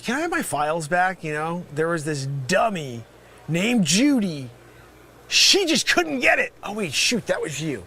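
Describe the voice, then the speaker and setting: A man improvising a comedy sketch as a fake phone scammer, insulting his caller, swinging from shouting to muttering, in a put-on New York accent. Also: high-pitched, big pitch swings, measured pace.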